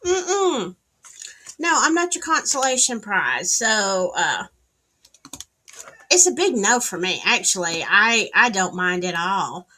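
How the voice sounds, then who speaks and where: A woman's voice: medium pitch, big pitch swings, a little slow, sharp tone. A woman with a Southern US accent hosting a casual livestream, chatting and greeting viewers by name with sassy asides. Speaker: livestream host. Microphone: streaming setup, wired in.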